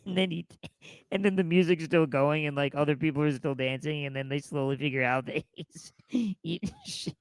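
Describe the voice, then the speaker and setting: A man's voice: a little high, moderate pace, smooth, no room sound. A man co-hosting a podcast, telling a funny story in casual chat, laughing often and acting out bits of it. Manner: animated storytelling with frequent laughter and acted-out quotes. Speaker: podcast co-host.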